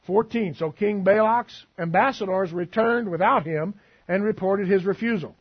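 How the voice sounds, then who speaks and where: A man's voice: high voice, moderate pace, breathy edge, lo-fi sound. A male preacher giving a sermon in a conversational, teasing way, asking the room questions.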